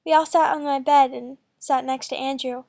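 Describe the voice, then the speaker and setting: A woman reading a first-person fan fiction story aloud in a plain, quick way. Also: high voice, fairly even intonation, gravelly, darkish tone. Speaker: story reader.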